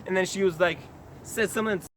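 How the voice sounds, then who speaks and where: Goofy young American vlogger outdoors. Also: male voice, high voice, fast, a little hiss or hum. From United States. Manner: goofy, rambling, mock-serious. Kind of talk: comedic storytelling vlog. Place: outdoors on a trail in woods. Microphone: handheld camera.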